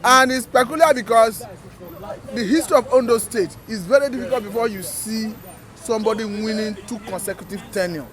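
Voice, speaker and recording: A man giving calm, analytical political commentary outdoors. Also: high voice, a little fast. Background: crowd noise.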